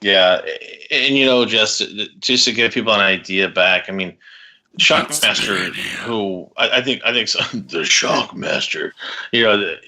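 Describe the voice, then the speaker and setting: A man co-hosting a podcast in casual chat, rambling with halting restarts and laughing between phrases. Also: on the low side, bright, forceful tone. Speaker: podcast co-host.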